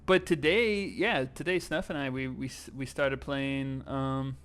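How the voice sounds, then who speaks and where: A man hosting a casual gaming podcast, relaxed and quick to laugh. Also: medium pitch, clean tone. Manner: relaxed, laughs often, restarts sentences. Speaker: podcast host.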